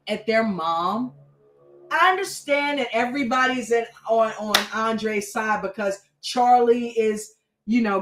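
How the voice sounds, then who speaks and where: With a slightly high voice, a woman runs a casual reaction show recapping reality TV, chatting bluntly and swearing liberally. The room sounds spacious, and the recording quality is rough.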